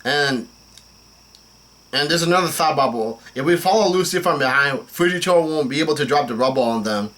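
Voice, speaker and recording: A man with a Southern US accent reading a comic chapter aloud and reacting, halting and restarting as he goes. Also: a little high, lively intonation, fairly bright tone. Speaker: manga reaction host.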